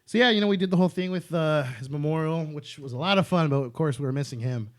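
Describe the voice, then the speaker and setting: A man's voice: fairly high pitch, fast talker. A man in casual podcast chat, a stand-up comic telling stories with lots of swearing and laughter.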